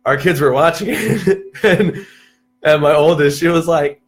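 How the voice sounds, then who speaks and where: A young man, telling stories in casual chat, full of restarts and acted-out quotes. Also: measured pace. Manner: animated, restarts often, acts out quotes in a higher voice. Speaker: podcast guest.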